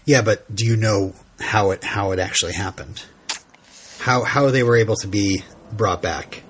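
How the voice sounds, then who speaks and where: A man's voice: fairly low pitch, moderate pace, a little hiss or hum. A man hosting a podcast, recapping a TV episode in casual, rambling chat full of fillers and laughter. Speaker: podcast host.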